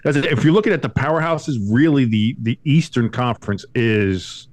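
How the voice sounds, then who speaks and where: A man co-hosting a sports podcast from home, animated and profane, who slips into high mocking voices. The sound is close and dry, and his pitch sits in a middle range. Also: normal speed, dry recording. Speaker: podcast co-host. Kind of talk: casual sports chat.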